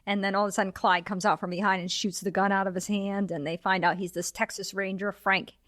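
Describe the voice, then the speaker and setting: A woman's voice: medium pitch, little pitch movement, quick pace, a bit bright, no room sound, studio quality. A woman co-hosting a film podcast, chatting casually as she retells scenes and quotes the characters. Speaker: podcast co-host.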